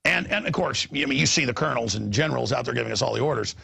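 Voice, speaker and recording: A man hosting a show, talking in a rambling, animated way, stammering and repeating words. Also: mid-range voice, rapid-fire, creaky, breathy edge. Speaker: host. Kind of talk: rambling on-air chat. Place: studio in Austin.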